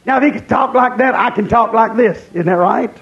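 High-voiced preacher man, lo-fi. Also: a little fast, vocal fry, fairly bright tone. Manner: repetitive, emphatic preaching. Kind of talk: sermon at a camp meeting.

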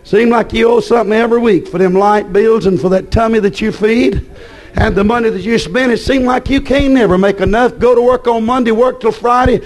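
A man preaching a fiery evening church sermon in a chanted, repetitive way with sudden shouted peaks. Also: very high-pitched, fairly quick.

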